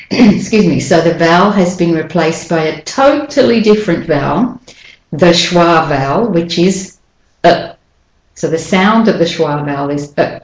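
A woman giving a spoken pronunciation lesson, slowly and carefully demonstrating individual sounds and syllables. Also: on the low side, darkish tone, roomy sound, rough recording. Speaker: pronunciation teacher.

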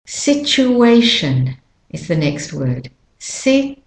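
A woman teaching English pronunciation, repeating each word slowly and stretching its stressed syllables. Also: low-pitched, a little mellow. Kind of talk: slow pronunciation lesson. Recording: echoey room.

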